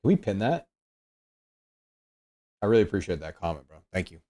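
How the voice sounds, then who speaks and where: A man's voice: low voice, big pitch swings, fairly quick, dark tone. Laid-back young man streaming trading lessons. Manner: laid-back, slangy, says bro and dude. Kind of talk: casual live-stream teaching.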